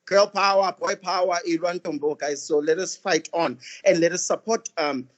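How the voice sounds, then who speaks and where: A young man hosts an online student session over a video call. His voice sits a bit high, and he jokes around loosely with plenty of fillers. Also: normal speed, muffled recording. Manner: playful, joking, with many fillers. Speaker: host of an online student training. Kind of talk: casual event hosting.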